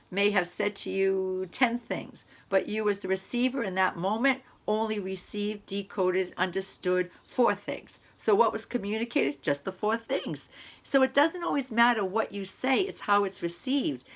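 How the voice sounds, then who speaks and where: A middle-aged woman teaches a recorded college lecture. She explains in an easy, conversational way and circles back with repeated examples. Her voice sits at an ordinary middle pitch for a woman. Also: unhurried, fairly bright tone. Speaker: college instructor.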